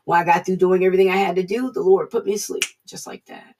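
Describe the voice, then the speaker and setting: A woman's voice: on the low side, fairly even intonation, quick pace, a little mellow, far from the mic, low-quality recording. A woman giving an informal online devotional sermon, earnest and conversational, repeating her points as she preaches. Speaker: devotional speaker.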